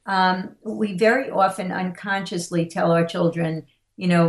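A woman's voice: on the low side, a little slow, roomy sound. A middle-aged woman, a parenting expert guest on a podcast, teaching through stories and acting out the quotes she tells. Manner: animated storyteller acting out quotes.

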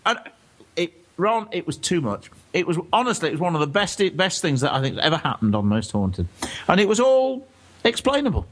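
A man, a historian guest, telling stories in a relaxed radio chat with frequent laughter. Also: fairly high pitch, a little fast. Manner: animated storyteller, laughs often. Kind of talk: casual radio chat, anecdote.

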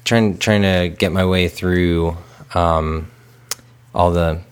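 A man co-hosting a podcast, chatting casually, quick and loose, often restarting his sentences. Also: deep voice, steady tone, smooth. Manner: quick, loose, trips over his words. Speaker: podcast co-host. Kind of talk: casual chat.

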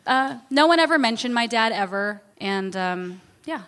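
A woman's voice: a little high, lively intonation, normal speed, fairly bright tone, big-room sound. A woman guest in an interview, candidly telling a personal story in a chatty, self-deprecating way.

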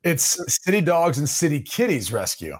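A man co-hosting a sports podcast in casual chat, relaxed and joking, sometimes slipping into mock voices. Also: on the high side, moderate pace, slightly rough. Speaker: podcast co-host.

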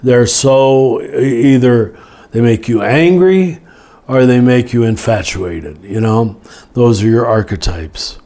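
An older man, a Catholic teacher and author, explaining ideas slowly and reflectively, often restarting and listing words. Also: mid-range voice, mellow. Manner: slow, reflective, with frequent restarts and lists. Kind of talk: relaxed spoken teaching in conversation.

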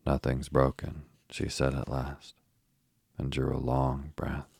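A man reading a children's story aloud as a bedtime narration, slow, soft and steady, with a husky voice. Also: extremely low pitch, no room sound, studio quality.

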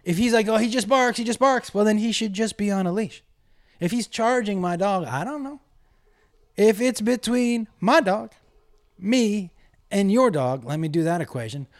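A man's voice: high voice, lively intonation, normal speed, a little mellow. A middle-aged man telling a comic rant to camera, profane and exasperated as he tells a story.

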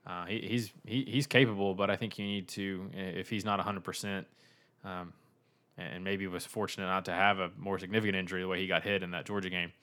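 A man's voice: sits low, a bit bright. A man co-hosting a sports podcast, talking through analysis with many hesitations and restarts. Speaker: podcast co-host. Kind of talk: casual sports podcast chat.

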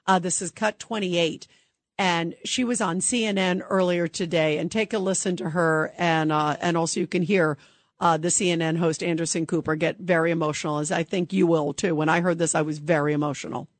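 A woman's voice: lowish voice, steady tone, brisk, no echo. A woman hosting a call-in talk radio show, speaking in an emphatic, indignant, conversational way.

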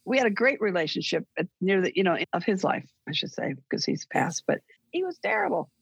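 An older woman being interviewed as a guest, telling long rambling stories full of restarts and animated retellings. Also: medium pitch, brisk, gravelly, husky, dry recording. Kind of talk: casual interview storytelling. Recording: dull lo-fi sound.

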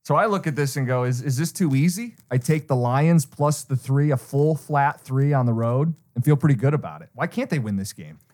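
Male betting co-host, calm and analytical, middle pitch. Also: brisk, hardly any pauses. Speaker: sports betting podcast co-host. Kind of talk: casual sports betting chat.

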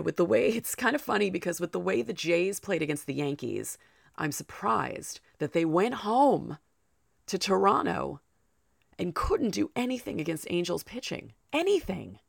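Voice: mid-range voice, gravelly, dry recording, clean studio sound. A podcast host talking through a solo sports show, out of breath and chatty, with personal asides.

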